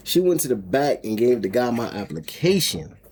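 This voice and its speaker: A man's voice: medium pitch, sing-song, a little slow, a little mellow, slight background noise. A man vlogging about his homestead, telling a personal story in a casual, rambling way with frequent restarts and laughs.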